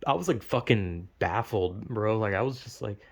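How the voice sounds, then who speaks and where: A man's voice: fairly low pitch, normal speed, vocal fry. A man casually recounting a strange dream in a rambling monologue, full of filler words and swearing, growing incredulous as he goes. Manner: animated, incredulous.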